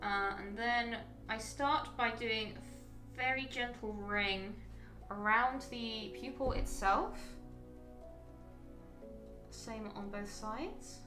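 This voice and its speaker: Bright-voiced woman narrating her painting. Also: a little high, fairly even intonation, slow pace, long pauses, roomy sound, faint music behind. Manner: chatty, thinking aloud while working, frequent ums. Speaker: digital painting streamer. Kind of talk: live-stream painting tutorial commentary.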